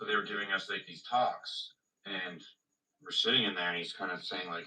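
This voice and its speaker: Low-voiced guy, really bright edgy tone, laid back, says "like" a ton. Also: steady tone, fairly quick, low-quality recording. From Canada. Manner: laid-back, filler-heavy, lots of "like". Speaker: live stream guest. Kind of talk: casual storytelling.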